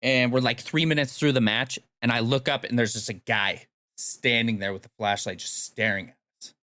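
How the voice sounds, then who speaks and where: A man's voice: medium pitch, steady tone, bright, forceful tone, no room sound. A young man casually telling a long anecdote, acting out what people said along the way. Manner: laid-back, drawn-out anecdotes acting out quotes. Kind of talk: casual storytelling.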